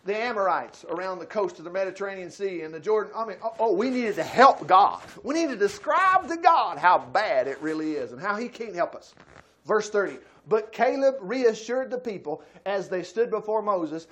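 A man teaching a Bible study sermon in a folksy way, acting out quotes with sudden loud outbursts. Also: sits high, big pitch swings, normal speed. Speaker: preacher.

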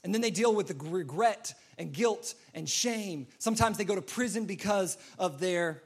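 A man's voice: high voice, animated, normal speed, breathy edge. A man preaching a sermon in an earnest, repetitive way, now and then acting out pleading voices. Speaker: pastor.

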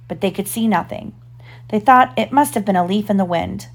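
A woman reading a storybook aloud to her child, expressive, pausing to ask gentle questions. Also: medium pitch.

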